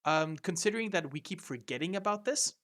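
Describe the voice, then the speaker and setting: A man with a fairly high voice runs a tabletop game from home and talks into his mic on a video call. He explains the rules at length, breaking off often with ums and restarts as he searches for the next word. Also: lively intonation, brisk, a bit bright. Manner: hesitant, many fillers and restarts. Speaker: game master.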